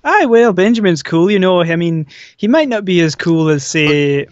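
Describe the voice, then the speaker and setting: A man's voice: high voice, animated, normal speed, dry recording, muffled recording. A man voicing a cheerful little male cat with a Scottish accent, rolling his R's. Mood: jovial. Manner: rolled R's, jovial.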